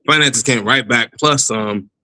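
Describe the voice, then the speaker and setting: A man telling his personal faith testimony in a casual interview, animated, laughing often and restarting his sentences. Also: medium pitch, unhurried, dry recording, low-quality recording. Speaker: guest giving testimony.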